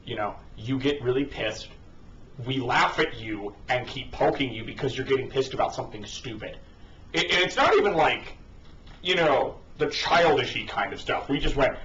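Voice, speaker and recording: A man's voice: medium pitch, expressive, normal speed, a bit bright. A man reading an article aloud and breaking off into sarcastic, profane ranting asides. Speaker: online commentator. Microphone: cheap microphone. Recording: dull distant lo-fi home mic.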